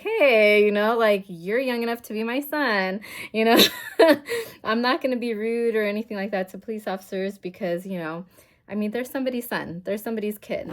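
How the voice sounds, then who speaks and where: Woman, 40s beauty vlogger, rambling storyteller, mid pitch, everyday at-home chat. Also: a little mellow. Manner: rambling and chatty, full of "like" and "I'm like". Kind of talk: casual storytelling while getting ready.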